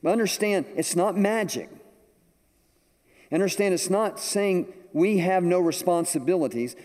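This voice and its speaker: An older man preaching a sermon, telling a story with animated delivery to a congregation. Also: high-pitched, unhurried. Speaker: pastor. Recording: echoey hall with long reverb.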